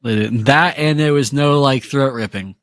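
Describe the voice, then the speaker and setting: A man's voice: medium pitch, moderate pace. A man chatting on a podcast, swearing freely, laughing a lot and acting out scenes in loose retellings. His voice sits mid-range and sounds close and dry, with no room echo. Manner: profane, laughing, acts out movie scenes. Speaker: podcast co-host. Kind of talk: casual podcast chat.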